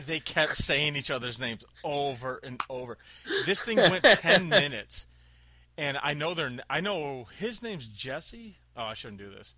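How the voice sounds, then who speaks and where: A man's voice: mid-range voice, animated, a little slow, pushed and bright. A man chatting casually on a podcast, telling a long story with laughs and acted-out quotes. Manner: rambling, laughing, acts out quotes.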